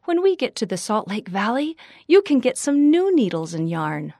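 A woman doing a calm, motherly little girl. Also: a little high, no echo, studio quality, pitched above the performer's own voice. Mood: soothing. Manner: calm, soothing, slow. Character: sensible young pioneer girl, motherly and calm.

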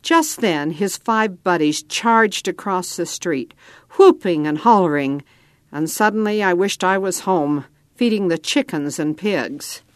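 Woman reading a storybook, low, dry sound. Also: measured pace, no room sound.

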